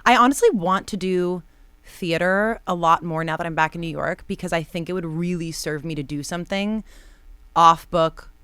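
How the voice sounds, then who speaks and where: A woman guest on a comedy podcast, chatting casually and acting out quoted lines with big swings in pitch and volume. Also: moderate pace, clean tone, dry recording. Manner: animated storyteller, acts out quotes with big jumps. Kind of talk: casual chat. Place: podcast studio.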